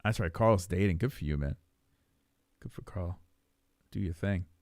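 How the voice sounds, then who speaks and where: A man in his forties with a New York accent, rambling and swearing in casual live stream chat while high, chuckling often. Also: normal speed, darkish tone, no room sound, studio quality. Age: 40s.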